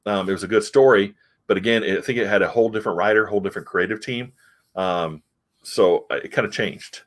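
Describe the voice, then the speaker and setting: A man's voice: fairly low pitch, brisk. A middle-aged man from the United States chatting casually about comics, rambling and hesitant but frank. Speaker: comic review host. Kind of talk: casual chat.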